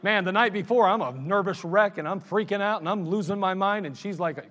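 A man with a high voice preaches in an animated, chatty way, mocking himself now and then. His pastor's sermon carries a long hall reverb, as if recorded in a church sanctuary. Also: fairly quick. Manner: animated, conversational preaching with self-mocking asides.

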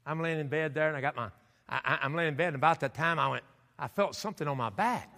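A man preaching a sermon, telling a story and acting out the scenes with shouts and laughter, recorded in a church sanctuary. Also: a little high, fast, vocal fry. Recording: church hall with long reverb.

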